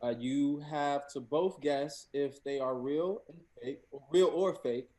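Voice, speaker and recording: A man hosting a game round, halting and full of fillers, laughing at himself. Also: fairly high pitch, darkish tone. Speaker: game host. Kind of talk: explaining a game show round.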